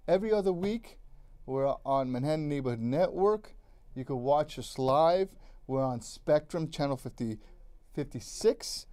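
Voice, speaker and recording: A man's voice: a little high, mellow, clean tone. A man co-hosting a cable access show, chatting casually about movies in a rambling way, repeating himself and restarting his sentences.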